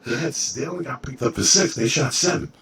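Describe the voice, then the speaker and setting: A male comedian chatting casually, telling animated stories and acting out the people he quotes. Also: mid-range voice, a little fast, reverberant, far from the mic, a little hiss or hum. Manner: animated storyteller, acts out quotes. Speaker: comedian guest. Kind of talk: casual podcast chat, storytelling.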